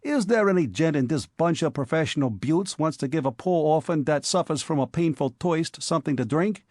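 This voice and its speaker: A man's voice: medium pitch, big pitch swings, slow pace, breathy edge, no room sound, studio quality, heavily acted. A man voicing a ragged, cocky young male street tough in a storybook reading. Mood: cheeky. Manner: cocky, slangy.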